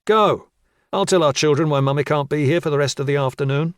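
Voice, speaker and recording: A man plays a teasing, reproachful husband, calling out loudly in a lightly acted performance. His voice is on the high side, pitched above his own natural register, and fairly quick, with clean studio sound and no room noise.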